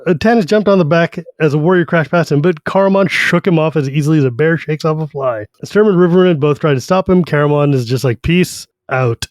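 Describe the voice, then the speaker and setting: Speaking a little high and with no echo, a man on a podcast animatedly summarizes a fantasy book for his co-host's casual discussion. He throws in quick impressions of the characters.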